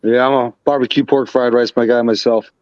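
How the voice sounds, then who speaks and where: A man's voice: medium pitch, little pitch movement, a little fast, darkish tone. A man hosting a casual livestream chat, joking and teasing his guests. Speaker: livestream host. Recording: dull dry stream audio.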